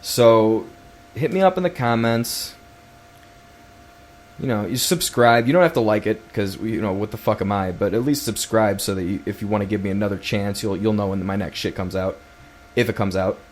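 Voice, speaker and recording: A man's voice: on the low side, moderate pace, slight background noise. Rambling, foul-mouthed man telling a story. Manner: rambling, heavy swearing, frequent restarts. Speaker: podcast host. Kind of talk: casual solo podcast storytelling.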